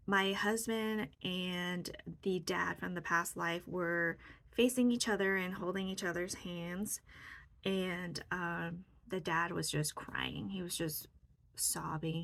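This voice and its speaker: A woman casually recounting a personal experience to the camera, halting and reflective as she searches for words. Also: on the low side, creaky, fairly bright tone. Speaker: vlogger sharing a personal session.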